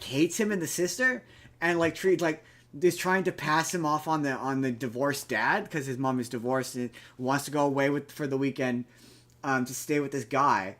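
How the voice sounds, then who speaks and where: A man's voice: fairly high pitch, fairly bright tone. A young man co-hosting a podcast, recapping a movie plot in a loose, rambling way full of fillers and restarts. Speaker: podcast co-host. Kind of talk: casual movie chat.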